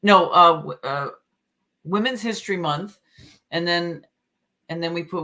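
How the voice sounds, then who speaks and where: A woman's voice: lowish voice, a little slow, pauses often, pushed and bright. A woman co-hosting a casual talk show, chatty and teasing, often restarting her sentences. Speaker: co-host. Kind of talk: casual chat.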